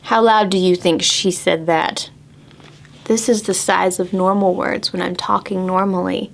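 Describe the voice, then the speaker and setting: Slow, animated woman reading to preschoolers. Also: lowish voice, vocal fry. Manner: expressive, slow and animated, dropping to whispers. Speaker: children's librarian. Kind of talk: reading a picture book aloud to preschoolers. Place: library.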